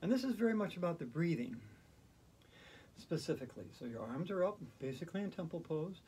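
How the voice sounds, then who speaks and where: Man teaching yoga, mellow tone, slightly high voice, playful and gentle, faint background noise. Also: very animated, fairly quick. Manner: playful, gentle, chatty guiding. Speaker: yoga instructor. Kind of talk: guided yoga instruction.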